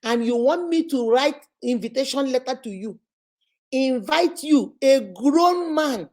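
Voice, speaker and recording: A woman's voice: sits high, expressive, unhurried, a little mellow. A middle-aged Nigerian woman hosting a casual vlog, telling stories with laughter and rhetorical questions. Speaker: host.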